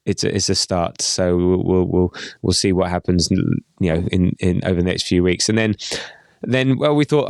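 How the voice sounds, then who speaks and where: A man co-hosting a casual football podcast, talking in a halting way with many restarts and repeated words. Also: low voice, creaky, smooth, no room sound, studio quality. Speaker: podcast co-host.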